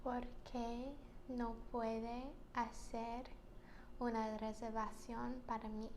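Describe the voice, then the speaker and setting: A woman answering her teacher's questions with quiet, brief, sometimes tentative replies during a lesson. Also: on the high side, monotone, takes it slowly. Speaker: student. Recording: echoey room, off-mic with faint noise.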